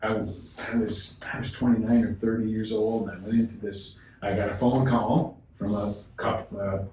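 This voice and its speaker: A man who is a guest on a podcast, telling a sales story with animated delivery, acting out the dialogue and often restarting his sentences. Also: fairly low pitch, normal speed. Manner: acts out dialogue, frequent restarts. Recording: echoey room, distant mic, faint noise.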